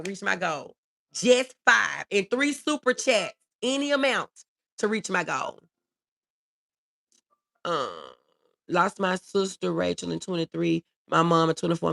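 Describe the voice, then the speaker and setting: A middle-aged woman with a lowish voice and vocal fry hosts a casual livestream. She is warm and emotional as she reads viewer comments aloud.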